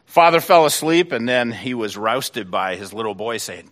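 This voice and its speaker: A middle-aged man preaching a sermon as pastor, fervent and building to loud emotional peaks, then praying. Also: lowish voice, a little fast.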